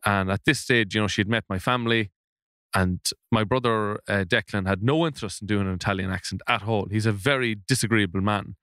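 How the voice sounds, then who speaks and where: A man playing a comedy panel guest, telling absurd stories deadpan. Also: on the low side, a little fast, clear, resonant tone, no echo, clean studio sound. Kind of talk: deadpan comic banter.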